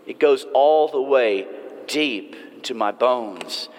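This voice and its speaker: A man preaching a sermon in an earnest way, slowing and softening some phrases and pushing others for emphasis. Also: mid-range voice, big-room sound. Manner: earnest, varies pace and loudness for emphasis. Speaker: pastor.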